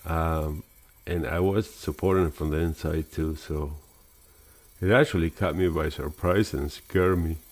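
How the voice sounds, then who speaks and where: A man hosting a woodturning channel, talking through his project in a relaxed, rambling voice-over with fillers. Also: a bass voice, a little slow. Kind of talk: casual voice-over narration.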